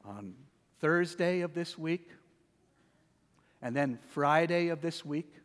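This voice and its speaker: High-pitched pastor preaching real slow, goes from hushed to booming, churchy echo. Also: male voice, expressive. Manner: dramatic swings from soft hush to loud proclamation. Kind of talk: sermon. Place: church sanctuary.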